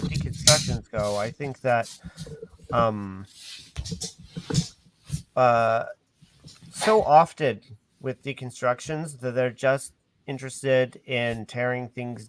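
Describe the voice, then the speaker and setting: A man's voice: medium pitch, a bit bright, a little hiss or hum. A man hosting a casual discussion on a call, hesitant and full of ums and restarts. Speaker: host.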